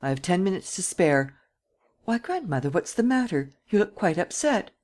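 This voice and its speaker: A woman reads a bright, charming young woman in an audiobook, lifting her voice higher. Her manner is light and lively. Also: moderate pace. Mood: concerned. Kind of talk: audiobook character reading.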